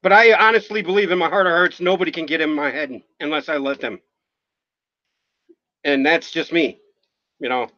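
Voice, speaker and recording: A man's voice: a little high, steady tone, moderate pace, pauses often, sharp tone, no echo, dull audio. A man hosting a livestream, talking emotionally and apologetically, rambling and swearing often. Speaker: livestream host. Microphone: phone.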